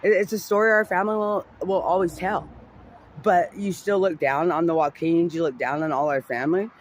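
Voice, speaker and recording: A man with a notably high voice tells a heated personal story. He rambles and swears, restarting his sentences and filling gaps with "you know". A faint noise hangs under the recording. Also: steady tone, fairly quick. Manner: rambling, profane, many fillers and restarts.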